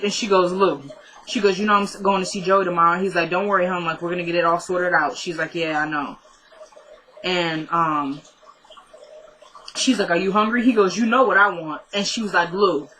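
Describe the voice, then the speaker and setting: A woman chatting through a TV episode recap in a relaxed vlog style. Her voice sits at a middle pitch. She retells scenes by quoting the characters' lines one after another and breaks off for teasing asides to her viewers. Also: low-quality recording. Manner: playful asides and mock complaints to the viewer. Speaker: TV episode reviewer.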